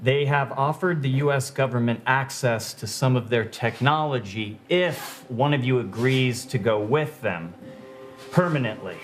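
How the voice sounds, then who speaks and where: A grave, formal government man, as an actor plays him in a sketch, speaking in a measured way. A faint hiss of room noise sits under the voice. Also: mid-range voice, lightly acted. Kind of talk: sketch comedy acting.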